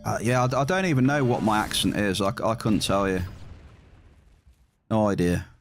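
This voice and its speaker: A man's voice: on the low side, normal speed. A man with an English accent chatting casually with his live-stream viewers, reading their messages aloud and cheering at big hits. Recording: game music behind.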